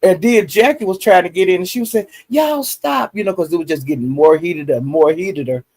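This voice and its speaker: A man's voice: a little high, brisk, darkish tone. A man, recapping online drama in a rambling, folksy way full of fillers. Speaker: YouTube commentary host.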